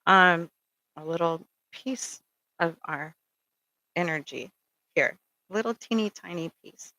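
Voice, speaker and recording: A woman's voice: fairly low pitch, slow, sharp tone, low-quality recording. A middle-aged woman giving rambling, casual spiritual advice, full of ums and checking in with "okay?". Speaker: spiritual speaker.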